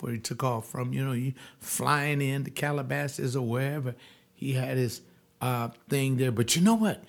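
A man's voice: mid-range voice, normal speed, vocal fry. An older man, a pastor, telling personal stories in a rambling, digressive monologue with frequent restarts.

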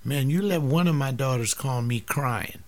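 An older man giving an impassioned sermon-like talk to an audience. He acts out family dialogues, swinging between loud appeals and hushed urging. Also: mid-range voice, moderate pace.

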